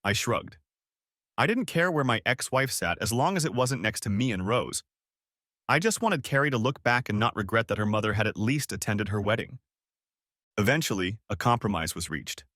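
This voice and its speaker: Man, audiobook storyteller, first-person narration, expressive ups and downs, dry close-miked sound. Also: medium pitch, no room sound.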